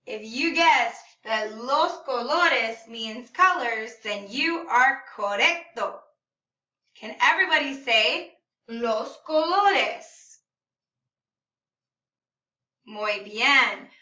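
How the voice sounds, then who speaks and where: A woman teaching a video language lesson for children, upbeat and enunciating slowly so students can repeat after her. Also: fairly high pitch, lively intonation, sharp tone, dull audio. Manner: upbeat, slow and clearly enunciated, modeling words for repetition. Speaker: Spanish teacher. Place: classroom or room at home. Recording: echoey room, slightly far from mic.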